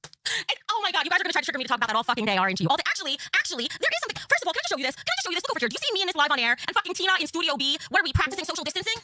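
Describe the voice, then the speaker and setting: High, rapid-fire brash woman host. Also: very animated, very noisy. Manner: loud, theatrical and profane. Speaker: livestream show host. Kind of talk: brash live-stream banter.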